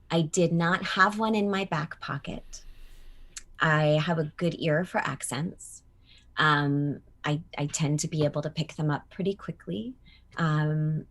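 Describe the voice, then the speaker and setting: A woman voice actor chatting in an interview, animated and full of fillers and quoted asides. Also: low voice. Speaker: voice actor guest. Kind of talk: casual interview chat.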